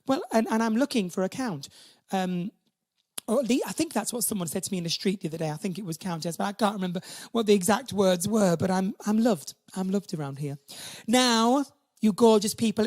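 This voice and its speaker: A drag performer from the North East of England, doing camp, self-mocking stand-up banter between songs. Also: male voice, sits high, no room sound, studio quality.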